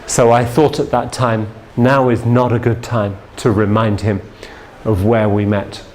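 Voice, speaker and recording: A man's voice: on the low side, level tone, unhurried, a little mellow, a little hiss or hum. Male seminar trainer, chatty storyteller who keeps asking "yeah?", speaking from a stage. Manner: anecdotal, chatty, checks in with "yeah?". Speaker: sales trainer. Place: stage in front of a seminar audience.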